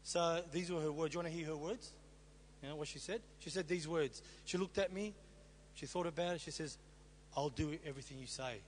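Man, high-pitched, sermon testimony, echoing hall, faint hum behind. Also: fairly even intonation, a little fast. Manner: storytelling with rhetorical questions to the congregation. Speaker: preacher sharing his testimony.

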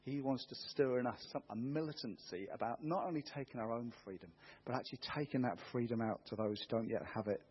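A man's voice: mid-range voice, fast talker, husky. A middle-aged man preaching a sermon in a church, earnest and rousing as he quotes scripture. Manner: earnest, rousing, quoting scripture with rising force. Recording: dull muffled church recording.

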